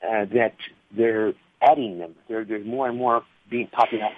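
A man's voice: on the low side, fairly even intonation, moderate pace, a little hiss or hum. A man hosting a radio interview, prompting his guest with brief, encouraging questions. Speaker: radio show host. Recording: tinny phone-like line.

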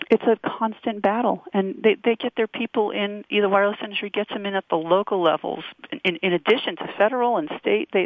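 A woman activist being interviewed over the phone, talking in halting bursts with many restarts and fillers. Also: medium pitch, gravelly, dry recording. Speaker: activist guest. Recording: tinny phone line.

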